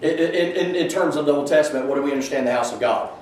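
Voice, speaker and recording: A man's voice: a little high, quick pace, a little mellow. A man teaching a conversational Bible class in a church classroom, thinking aloud and putting questions to the class. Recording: very echoey room, mic far off, faint hiss.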